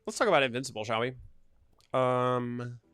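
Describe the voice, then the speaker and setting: A man's voice: mid-range voice, moderate pace, a bit bright, clean tone, no room sound, soft background music. A young man talks loosely over his gameplay, tossing off jokes and then launching into half-serious rants. His voice sits in a middle register and the recording is close and very dry, with no room sound. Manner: rambling, jokey, ranting asides. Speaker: gaming YouTuber. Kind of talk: casual gameplay commentary.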